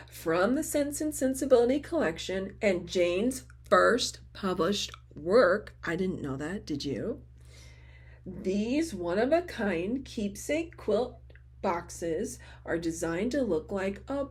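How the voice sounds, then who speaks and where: A woman with grandchildren, chatting excitedly as she shows off a craft haul, often gushing and acting out conversations with friends. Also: medium pitch, slow, slightly rough. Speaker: craft vlogger. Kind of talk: casual show-and-tell chat.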